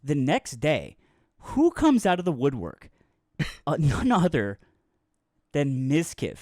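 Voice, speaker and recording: A man's voice: fairly high pitch, wildly swooping pitch, slow pace, darkish tone, no room sound. A man on a podcast delivers a rambling, mock-serious story with a voice that swings widely up and down, often breaking into laughter. The sound is close and completely dry, with no room around it. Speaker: podcast co-host. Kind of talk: casual comedic podcast chat.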